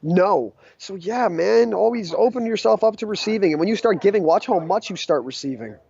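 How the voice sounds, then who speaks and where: A laid-back man in his thirties talks casually as a guest, his voice mellow and a little high. The audio is dry and muffled, without much room sound. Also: animated, fairly quick, vocal fry. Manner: laid-back, says "dude" and "like" often. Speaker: entrepreneur guest. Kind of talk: casual interview chat.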